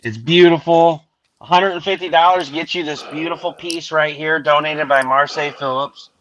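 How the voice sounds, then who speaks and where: A man with a somewhat high voice hosts a casual panel show. He talks loosely and profanely, and he acts out his prank phone calls with lively put-on voices. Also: moderate pace, muffled recording, slight background noise. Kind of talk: casual banter and charity auction.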